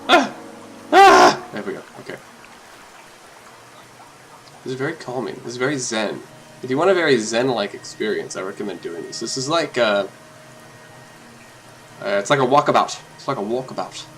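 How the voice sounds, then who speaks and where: A man giving casual, jokey commentary while playing a game, often gushing in a high voice. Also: fairly quick, slight background noise, low-quality recording. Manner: excitable and jokey, jumps to high-pitched gushing. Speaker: let's play host.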